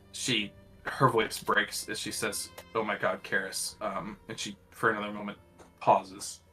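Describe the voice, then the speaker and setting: A man's voice: lowish voice, pushed and bright. A man voicing a shaken young woman hunter who halts as her voice breaks, with faint music behind. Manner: halting, voice breaking.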